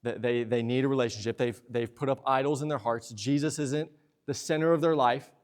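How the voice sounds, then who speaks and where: A young man preaching a sermon in a church, lively and talkative, slipping into playful asides. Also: mid-range voice, brisk. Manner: lively preaching, acts out husband and wife exchanges in asides. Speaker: pastor. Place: church sanctuary.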